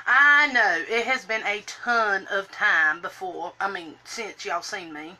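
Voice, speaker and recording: A woman's voice: mid-range voice, slow, bright, forceful tone. A woman, chatting on a live stream while doing her makeup and greeting viewers by name in a sing-song lilt. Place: home room, indoors.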